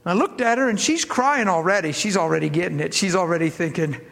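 A man's voice: sits high, fast, creaky, long reverb tail. A man preaching in a church, telling a healing story with laughs and acted-out voices. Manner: animated, laughing, acts out voices in his story. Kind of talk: storytelling sermon.

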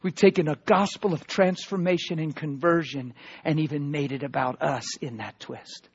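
A pastor preaching a sermon, swinging from loud emphatic proclamations to hushed asides. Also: male voice, on the high side, normal speed, slightly rough, dull audio.

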